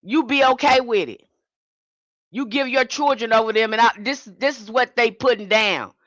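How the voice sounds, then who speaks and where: A woman's voice: on the high side, normal speed, a bit bright, no echo, lo-fi sound. A woman giving an impassioned livestream sermon as a spiritual teacher, speaking in a fiery, confrontational way and repeating her points.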